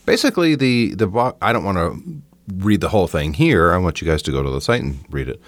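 Low-voiced opinionated male podcast host. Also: sing-song, brisk, no echo. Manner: chatty and opinionated, with frequent restarts. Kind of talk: casual solo podcast talk.

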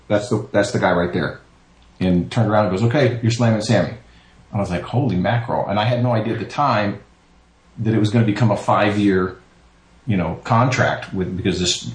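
A man with a low voice talks casually about his voice work. He brings his stories to life by acting out what others said. The sound carries a roomy echo. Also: fast. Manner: animated storyteller, acts out quotes. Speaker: voice actor, guest. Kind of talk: casual interview chat.

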